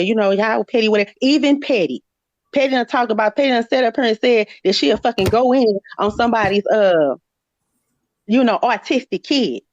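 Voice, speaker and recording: A woman's voice: mid-range voice, dry recording. Blunt, profane woman on a muffled stream. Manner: blunt, profane, insistent, repeats "you know what I'm saying". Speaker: live stream panelist. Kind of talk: heated casual argument. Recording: dull muffled stream audio, dry.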